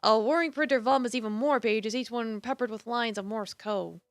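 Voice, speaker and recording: A woman streamer reading a visual novel aloud with expressive narration, broken up by casual asides and laughter. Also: fairly high pitch, moderate pace, no echo.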